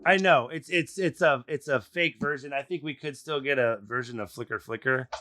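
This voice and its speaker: A man in an easygoing podcast chat, animated and quick to swear. His voice sits in a middle pitch and he keeps stopping for fillers. The sound is close and dry, with no room around it. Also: no room sound. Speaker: podcast co-host. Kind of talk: casual chat.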